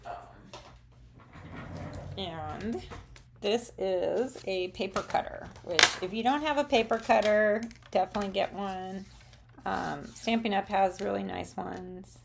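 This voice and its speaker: A woman's voice: medium pitch, slow pace, vocal fry, background noise. A middle-aged woman with a Southern accent, chatting casually and rambling a little with frequent ums as she hosts a live craft demonstration for viewers.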